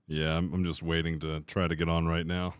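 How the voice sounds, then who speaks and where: A man streaming a game live, talking to his crew and chat, swearing freely and quick to vent his frustration. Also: deep voice, little pitch movement, smooth, no room sound. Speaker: livestreamer. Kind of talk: live gaming commentary.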